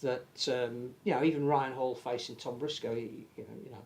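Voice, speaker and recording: An English man with an animated manner, chatting casually as a rugby league podcast pundit and often restarting his sentences. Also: mid-range voice, normal speed. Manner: animated, many restarts and stammered repeats. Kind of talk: casual panel chat.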